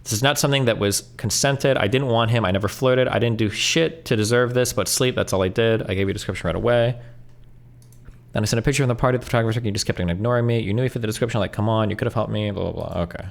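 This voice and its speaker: A male streamer reading messages aloud quickly, breaking in with blunt asides and swearing. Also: on the low side, gravelly. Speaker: streamer reacting to online posts.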